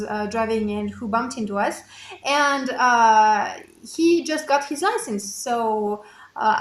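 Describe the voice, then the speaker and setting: French lady, young, talks in english with a french accent, chatty, lots of uh and um, echoey room. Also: sits high. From France. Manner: chatty, expressive, frequent fillers. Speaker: French teacher. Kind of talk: casual storytelling.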